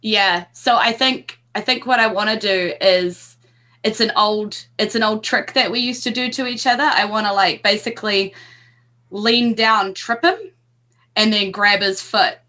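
A woman playing a tabletop game, chatty and giggly. She speaks in a bright, halting way. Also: mid-range voice. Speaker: player. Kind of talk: casual tabletop play.

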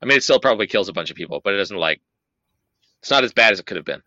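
A young man hosting a podcast, rambling through a casual movie recap with profanity and quick put-on character voices. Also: on the low side, animated, pushed and bright, no room sound, highs cut off. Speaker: podcast host.

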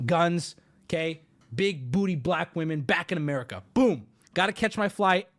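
A man streamer telling a story casually to his audience, animated, profane and exaggerated. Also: a little high, normal speed.

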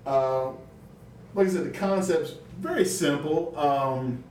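A man co-hosting a casual comics podcast, explaining at length in a relaxed, rambling way from a room in a house. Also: on the high side, takes it slowly. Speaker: podcast co-host. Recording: roomy, distant mic, faint hiss.

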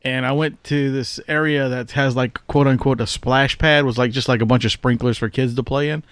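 A man's voice: mid-range voice, fairly even intonation, normal speed, clean tone, no echo. Easygoing male podcast host, dry sound. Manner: laughs often, easygoing. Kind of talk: casual podcast interview.

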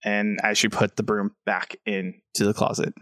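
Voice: sits low, level tone, normal speed, a bit bright, dry recording, studio quality. A game master narrating a tabletop role-play podcast in a casual way, with many ums and likes.

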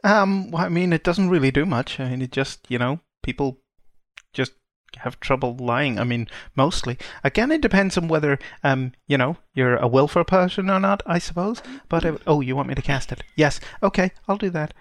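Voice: medium pitch, expressive, normal speed, no echo. A player in a tabletop game talking casually, easygoing and thinking aloud.

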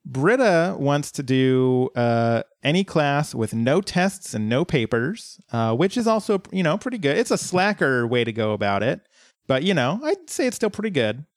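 A man co-hosting a podcast, recapping a TV episode in relaxed, unhurried casual chat. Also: medium pitch, no echo, clean studio sound. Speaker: podcast co-host.

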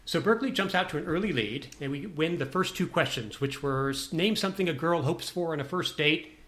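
A man with a somewhat high-pitched voice recounts a personal anecdote to a listener. He talks casually, with wry, self-deprecating humor. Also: brisk, fairly bright tone.

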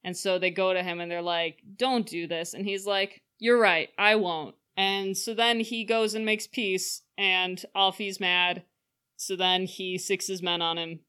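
A woman's voice: mid-range voice, little pitch movement, measured pace, pushed and bright, smooth. Playful young woman recapping a plot. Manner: playful, jokey, acts out quotes in silly voices. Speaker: podcast co-host. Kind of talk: casual chat.

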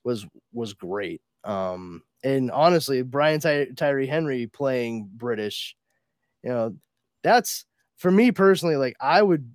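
A man's voice: medium pitch, lively intonation, measured pace, dry recording, clean studio sound. Chatty man telling a movie anecdote. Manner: chatty storyteller, swears, puts on voices in anecdotes. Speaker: podcast co-host. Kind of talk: casual chat.

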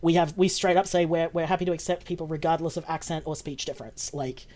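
A woman's voice: deep voice, fairly even intonation, fast talker, darkish tone. An Australian woman who produces and casts a show, chatting casually on a podcast, laughing often and swearing freely. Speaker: producer and casting director.

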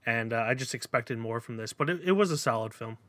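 A man's voice: medium pitch, expressive, quick pace, a bit bright. A man co-hosting a movie podcast, talkative and opinionated in casual chat about films. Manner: talkative, opinionated film reviewing. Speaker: podcast co-host.

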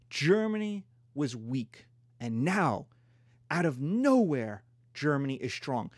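Animated man lecturing on history. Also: on the high side, slow pace, dry recording, studio quality. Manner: playful, acts out nations in silly voices.

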